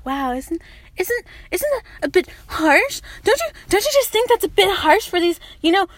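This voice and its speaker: A woman's voice: very high-pitched, very animated, moderate pace, dry recording. A young woman hosting a casual podcast chat, blunt and profane, laughing often. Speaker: podcast host.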